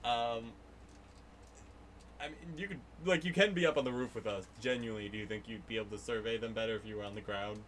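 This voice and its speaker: A man's voice: medium pitch, fast talker, a bit bright, slight background noise. A man with an English accent playing in a tabletop game, dry and sarcastic. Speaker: player. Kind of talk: tabletop role-play chat.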